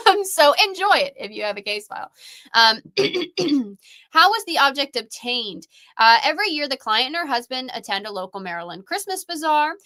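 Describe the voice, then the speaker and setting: Bright-voiced playful woman. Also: on the high side. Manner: playful, laughing, teasing. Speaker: co-host, paranormal investigator. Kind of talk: casual podcast chat, reading a case file aloud.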